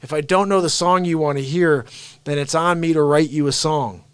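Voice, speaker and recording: A male livestream host giving unscripted comedic talk, animated and mocking, quick to slip into voices. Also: fairly high pitch, clear, resonant tone, no echo.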